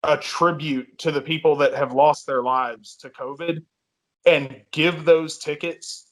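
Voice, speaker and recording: A man's voice: on the high side, steady tone, unhurried. A man co-hosting a casual sports podcast, laid-back and agreeable, often answering with a simple yep. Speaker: podcast co-host.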